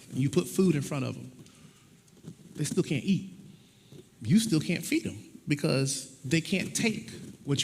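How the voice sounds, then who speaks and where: A man preaching a conversational sermon with props, talking in a folksy way and acting out little dialogues. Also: mid-range voice. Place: church sanctuary. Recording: long hall reverb, faint noise.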